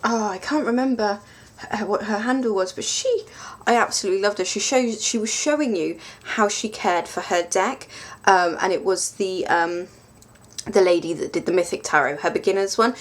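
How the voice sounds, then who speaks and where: A woman's voice: mid-range voice, normal speed. A woman chatting casually through a tarot deck review, rambling and self-mocking with lots of ums.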